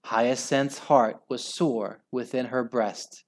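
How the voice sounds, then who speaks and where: A man reading a children's book aloud with slow, expressive storytelling. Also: medium pitch. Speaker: storybook reader.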